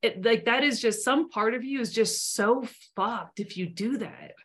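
A young adult woman co-hosting a podcast, telling animated stories in casual chat and swearing freely. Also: on the high side, measured pace, slightly rough. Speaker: podcast co-host.

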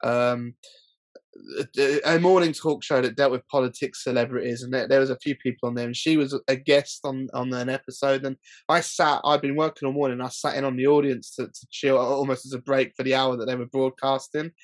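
A man's voice: medium pitch, flat delivery, fairly quick, dry recording. A man telling stories in a casual chat, stop-start and laughing often. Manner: rambling, stop-start storytelling with frequent laughs. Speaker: guest filmmaker.

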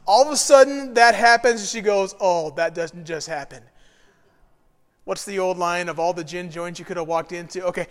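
A man leading an informal Bible study, talking in a lively, animated storytelling way with frequent restarts. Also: high voice, moderate pace, in a large hall.

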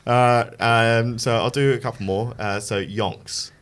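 A man's voice: mid-range voice, steady tone, measured pace, fairly bright tone. A man with an Australian accent, hosting a podcast and explaining slang in casual chat, laughing often. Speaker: podcast host.

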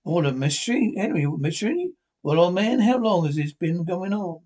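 A man's voice: high-pitched, big pitch swings, normal speed, a little mellow. A man playing a doubtful middle-aged friend in a 1950s radio drama, with a skeptical, questioning manner. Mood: incredulous.

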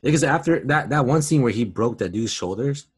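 A man co-hosting a podcast in casual chat, laid-back and quick to agree. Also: medium pitch, animated, breathy edge. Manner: laid-back, agrees a lot, many "like" and "you know" fillers. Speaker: podcast co-host.

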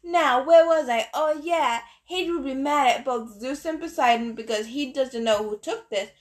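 A woman's voice: high-pitched, normal speed, close to an everyday voice. A woman voicing a swaggering, mocking war god. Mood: taunting. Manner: swaggering, taunting. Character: brash mocking adult male war god.

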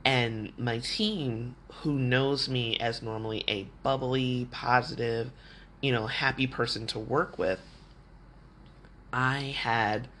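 A man's voice: medium pitch, fairly even intonation, takes it slowly, pushed and bright, a little hiss or hum. A man hosting a podcast, talking through advice in a candid, chatty way and acting out the things people said to him. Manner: candid and chatty, often acting out quoted remarks. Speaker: podcast host. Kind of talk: casual advice podcast talk.

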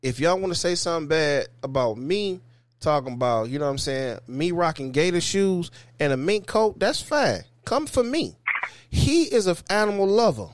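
A man's voice: on the high side, moderate pace. Laid-back man in casual chat. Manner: relaxed, repetitive, laid-back. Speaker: co-host.

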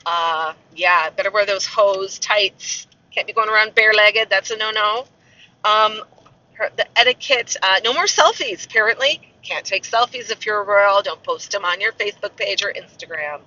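Chatty man, bright high voice. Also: moderate pace. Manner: rambling, chatty, self-mocking asides. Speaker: castle tour guide. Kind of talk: casual vlog chat. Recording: muffled, slightly distant mic.

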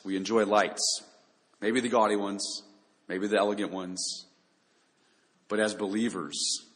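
A man's voice: on the low side, fairly bright tone, big-room sound, rough recording. A man preaching a sermon, speaking earnestly and addressing listeners directly with rhetorical questions. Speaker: pastor.

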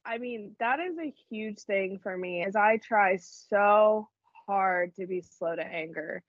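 A woman talks emotionally and animatedly in a relaxed faith chat, and she laughs often. The recording is dry and dull, with no room sound. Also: medium pitch, takes it slowly, dry recording. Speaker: podcast co-host.

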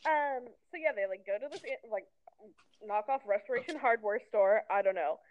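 A woman's voice: medium pitch, expressive, moderate pace, a little hiss or hum. A woman in her twenties, co-hosting a casual recap podcast in a chatty, sarcastic way, with lots of "like.". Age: 20s. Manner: chatty, sarcastic, heavy use of "like". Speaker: podcast co-host. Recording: tinny phone-like sound.

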